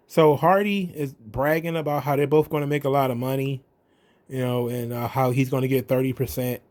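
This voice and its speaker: The host of a wrestling commentary show talks casually on his own program, making blunt, sarcastic and profane remarks. His voice is mid-range and a little mellow.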